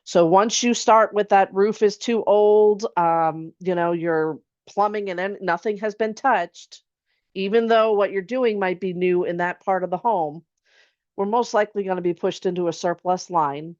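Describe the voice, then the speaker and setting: A woman at a mid-pitched level, talking an online audience through a webinar. Her delivery is chatty, full of rhetorical questions and quick "okay?" check-ins. The audio is dull and lo-fi with a dry, close sound. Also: darkish tone, no echo. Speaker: insurance agent presenter. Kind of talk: webinar presentation.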